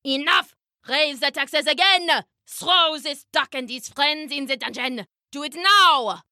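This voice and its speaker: A woman's voice: high voice, expressive, a little slow, pushed and bright, no room sound, studio quality, full character voice. A woman doing a shrieking greedy king. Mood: angry ranting. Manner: shrieking, ranting.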